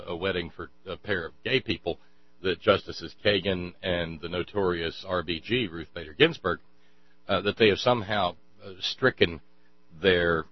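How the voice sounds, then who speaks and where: A man hosting a political talk show, giving mocking, scornful commentary over played clips. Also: no room sound. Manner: mocking, scornful, shouts in falsetto mockery. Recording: dull lo-fi audio with mains hum.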